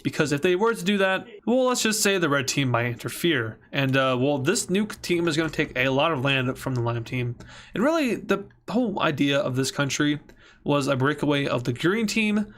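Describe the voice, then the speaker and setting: A man's voice: fairly high pitch, fairly bright tone. A man casually narrating a map series, rambling and joking, often correcting himself mid-sentence.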